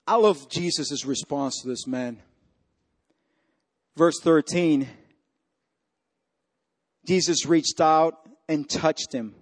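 A man's voice: on the high side, takes it slowly, long pauses. Impassioned man preaching a sermon. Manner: impassioned preaching, swinging between loud peaks and hushed lines. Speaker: pastor.

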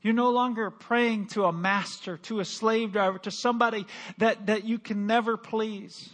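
A high-pitched man preaches a sermon from the pulpit of a church. He tells his story with fervor, rising loud and then falling to a hush. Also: steady tone, normal speed. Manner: impassioned storytelling, swings from loud to hushed. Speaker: pastor.

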